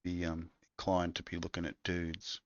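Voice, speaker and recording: Co-host: man, very low voice, rambling and crude, dry lo-fi sound. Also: completely flat delivery, moderate pace, no room sound. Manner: rambling, crude, laid-back. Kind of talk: casual chat.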